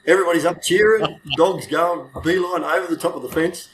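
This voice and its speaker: A man's voice: on the high side, brisk, a bit bright, slight background noise, low-quality recording. An older Australian man, a retired police dog handler, telling rambling, self-correcting stories in casual chat and swearing freely.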